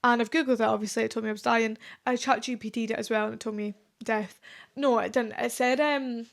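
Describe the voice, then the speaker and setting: A young woman in her twenties hosts a solo podcast, talking in a chatty, confessional way packed with fillers. Her voice is a little high and steady in tone, with vocal fry and a brisk pace.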